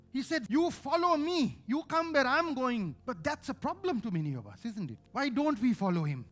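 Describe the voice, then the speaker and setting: A man with a Sri Lankan accent preaching a sermon as pastor, passionate, swinging between loud emphasis and hushed asides. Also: on the high side.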